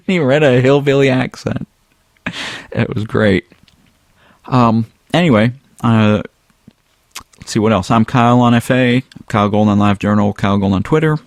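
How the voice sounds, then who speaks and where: A man co-hosting a podcast, relaxed and chatty with plenty of ums and uhs. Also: on the low side, a little fast, dry recording, clean studio sound. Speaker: podcast co-host. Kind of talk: casual podcast chat.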